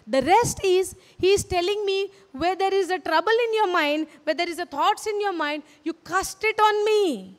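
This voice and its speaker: High-voiced woman preaching in a hall. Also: a bit bright. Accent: Indian English. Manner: earnest, repeats phrases, asks the audience questions. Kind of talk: sermon. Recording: hall reverb.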